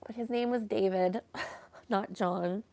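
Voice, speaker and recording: Slow, gravelly-voiced woman telling a story. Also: medium pitch, steady tone, a little mellow. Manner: slow, hesitant, full of fillers and self-reproach. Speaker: vlogger. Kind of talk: casual personal storytelling.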